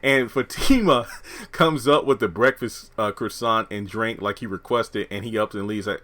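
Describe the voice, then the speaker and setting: Guy with a lowish voice doing a loose slangy episode recap, acts out the quotes. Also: moderate pace, a bit bright. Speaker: show reviewer. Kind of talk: casual recap commentary.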